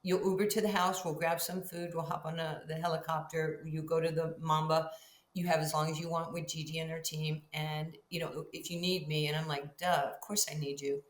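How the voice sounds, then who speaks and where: A middle-aged woman with a fairly low voice tells a story as an interview guest, acting out the back-and-forth of each conversation. She sounds roomy and a little distant, with a faint hum underneath. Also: brisk. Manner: animated storyteller who acts out both sides of conversations. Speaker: guest, Hall of Fame basketball player.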